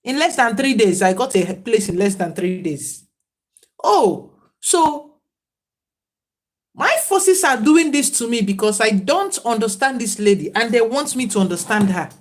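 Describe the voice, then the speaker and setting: A woman's voice: a little high, expressive, unhurried. A woman, talking casually and reflectively to viewers on a livestream, in a preachy tone. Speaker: livestream host.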